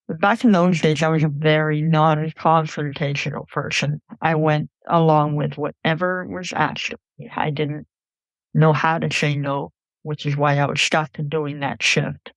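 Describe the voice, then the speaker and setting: A woman recounting a personal story in an earnest, measured way for a podcast. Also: sits low, no echo, muffled recording. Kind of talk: personal story told into a mic.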